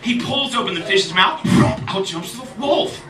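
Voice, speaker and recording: Brief: playful male children's storyteller, high lively voice, echoey live room, crowd. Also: a little slow, recorded from a distance, loud music behind the voice. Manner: animated, playful, repeating refrains. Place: live children's show venue.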